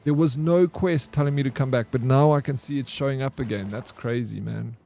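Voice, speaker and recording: Laid-back gaming streamer. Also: male voice, mid-range voice, a little fast, vocal fry, mellow. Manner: laid-back, chatty, slangy, talks to chat and to himself. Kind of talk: casual live-stream chat while playing.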